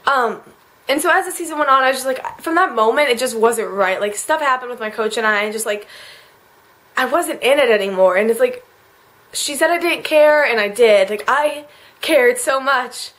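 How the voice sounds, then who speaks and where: A teenage girl speaks straight to her camera in a confessional vlog, her voice sitting a little high. She rambles and leans on filler words, and she sounds close to tears the whole way through. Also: lively intonation, normal speed, fairly bright tone. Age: late teens. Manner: rambling, emotional, many "like" fillers. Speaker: vlogger.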